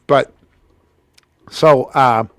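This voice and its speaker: A man hosting a podcast, telling a long story in casual chat and acting out every quote. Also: very slow. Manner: animated storyteller, acts out quotes with big pitch jumps. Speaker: podcast host.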